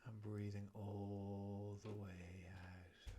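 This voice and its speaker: A soft-spoken man leads a breathing exercise and then talks as a guest. His voice is low and flat in tone. He takes his time over every word, in a calm, half-whispered way. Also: very slow, noisy background. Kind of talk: guided breathing meditation and chat.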